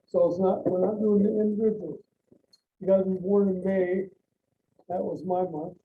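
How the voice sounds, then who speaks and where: A man's voice: high-pitched, fairly even intonation, normal speed, phone-quality sound. A man leading songs at a club dinner meeting, joking and rambling in a casual way. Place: dinner meeting room with members present. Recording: echoey room from far off with crowd noise.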